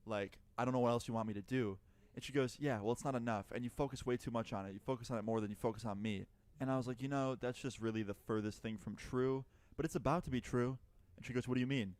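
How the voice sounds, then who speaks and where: A man's voice: mid-range voice, fast, darkish tone, smooth, dry recording. A man telling a personal story in a chatty, profane way, acting out both sides of the dialogue. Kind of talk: casual storytime narration.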